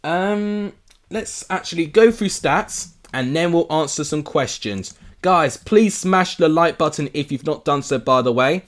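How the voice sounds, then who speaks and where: Fairly high-pitched and unhurried, a young Englishman runs a live football watchalong. He chats in a relaxed way and replies to what viewers write in.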